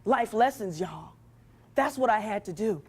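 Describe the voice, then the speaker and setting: A woman giving a motivational talk from a stage, speaking straight to the audience with a lively, preacher-like rhythm. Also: mid-range voice, unhurried, breathy edge.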